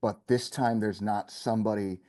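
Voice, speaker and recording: A man's voice: lowish voice, fairly even intonation, moderate pace, mellow. A man chatting casually as a podcast guest, rambling and correcting himself as he thinks aloud.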